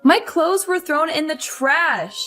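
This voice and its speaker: A woman's voice: high-pitched, big pitch swings, slow pace, pushed and bright, full character voice. An actress playing a frustrated young career wife who complains about her mother-in-law, over faint music. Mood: upset. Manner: upset, complaining.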